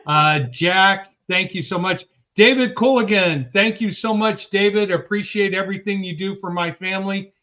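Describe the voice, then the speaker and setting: A man's voice: sits high, normal speed, few pauses. A man co-hosting a sports podcast, reading out viewers' chat names one by one in a casual, upbeat way. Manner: upbeat, shouting out viewers by name. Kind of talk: casual live-stream chat. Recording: dull lo-fi stream audio.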